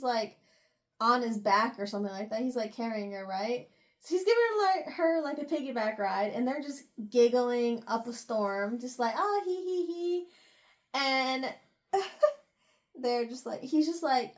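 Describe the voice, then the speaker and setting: A young woman chatting casually as she retells a novel's chapters, filling her talk with "like" and "you know" between laughs and sighs. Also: a little high. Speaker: book reviewer. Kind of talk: casual chat, retelling a book.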